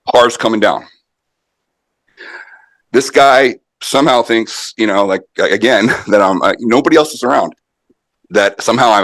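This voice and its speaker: A middle-aged American man recounts a story on a podcast, his voice sitting a little low. He talks in an animated, rambling way, with lots of "you know" and restarts. The sound is dry and close, with no room around it. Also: dry recording. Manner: animated anecdote-telling with many fillers and restarts. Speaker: podcast guest, martial arts author. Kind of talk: conversational storytelling.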